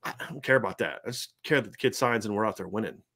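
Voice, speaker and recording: A man hosting a sports podcast, giving animated football analysis and acting out coaches' voices in quick quotes. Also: on the low side, gravelly. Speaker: host. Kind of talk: fast sports analysis chat.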